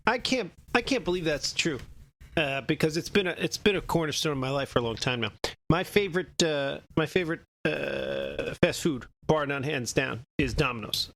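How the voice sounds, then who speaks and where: Male co-host, casual rambling rant, slightly high-pitched. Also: creaky, fairly bright tone. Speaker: podcast co-host. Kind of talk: casual chat.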